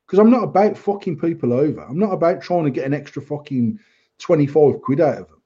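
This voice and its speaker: A man's voice: a little high, expressive, fairly quick, dark tone, husky, highs cut off. A man, a vape shop owner hosting a casual podcast chat, blunt and sweary, laughing often.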